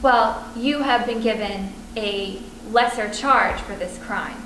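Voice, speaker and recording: A woman's voice: on the high side, slow pace, a bit bright. A woman law student practicing a cross-examination, asking firm, pointed questions. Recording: echoey room with background noise.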